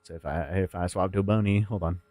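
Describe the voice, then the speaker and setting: A man's voice: deep voice, fairly even intonation, brisk, a little mellow, no room sound. A man streaming a horror game, chatting casually with viewers, swearing and laughing often and jumping into silly voices. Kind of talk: casual gaming stream chat.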